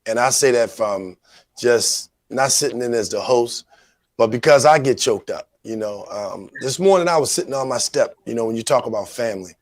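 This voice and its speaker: An earnest man hosts a talk show and gives commentary in a loose, conversational way, with plenty of filler phrases. His voice sits at a middle pitch. The recording is dry, with almost no room sound. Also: lively intonation, moderate pace, dry recording. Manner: earnest, conversational, leaning on "you know". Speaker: host.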